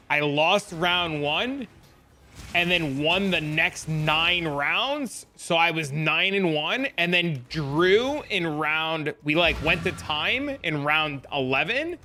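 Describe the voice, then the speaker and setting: A man's voice: on the high side, expressive, a little slow, pushed and bright, slight background noise. A man from New Jersey streaming a game, chatting casually and telling long, profane anecdotes. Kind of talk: casual livestream chat and storytelling.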